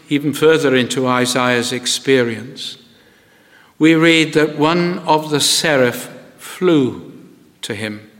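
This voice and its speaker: A man delivers a sermon at an unhurried, deliberate pace, building to emphatic questions. His voice sits a little high for a man. A long church reverb trails behind each phrase. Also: fairly bright tone. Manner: slow, deliberate preaching with rising emphatic questions. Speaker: preacher.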